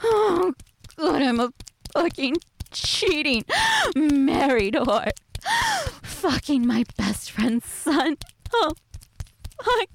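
Woman for erotic audio role-play; high, breathy, moaning delivery dropping to whispers, slow and drawn out. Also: lively intonation, a little hiss or hum. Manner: breathy and moaning, swinging between whispers and cries.

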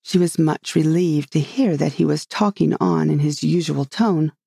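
A reader narrating a classic storybook in a steady, measured way. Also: mid-range voice, gravelly, slightly rough, no room sound, studio quality.

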